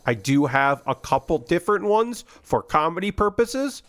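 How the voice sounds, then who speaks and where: A man's voice: fairly high pitch, sing-song, moderate pace, fairly bright tone. A man streaming a game, chatting casually and rambling with many fillers and restarts. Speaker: gaming streamer. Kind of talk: casual gameplay commentary.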